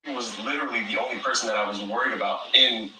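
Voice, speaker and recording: A man answering questions at a reunion, measured and defensive, heard from a distance in an echoey space. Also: mid-range voice, steady tone, pushed and bright, a little hiss or hum. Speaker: reality show contestant.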